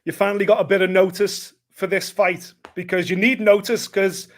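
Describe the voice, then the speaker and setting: High-voiced man asking chatty questions. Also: flat delivery, moderate pace, a bit bright. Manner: chatty, long winding questions. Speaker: interviewer. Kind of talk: casual interview questions.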